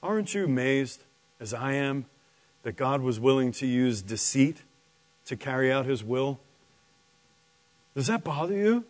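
A man preaching a sermon, telling the story in an animated, conversational way with asides to the listeners. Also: medium pitch, moderate pace.

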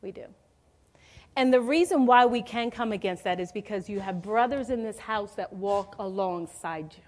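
Her voice sits at a medium pitch and moves at normal speed. She's in her forties, preaching in a chatty, storytelling manner and calling questions out to the people in the pews.

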